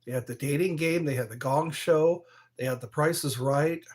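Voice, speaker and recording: A man hosting his own live stream, chatting slowly and aimlessly, greeting viewers by name and trying to recall old movies. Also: a little high. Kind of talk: rambling live stream chat.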